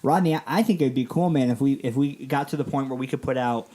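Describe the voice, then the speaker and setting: A man's voice: medium pitch, fast talker, warm tone. A man in his thirties co-hosting a casual podcast, joking and laughing often as he talks. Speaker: podcast co-host.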